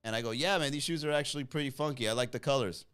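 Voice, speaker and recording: A man hosting a comedy podcast, telling a story in a casual, animated way, acting out the people in it and laughing at his own jokes. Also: racing, clean tone, soft background music. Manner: animated, acts out quoted voices with big pitch jumps.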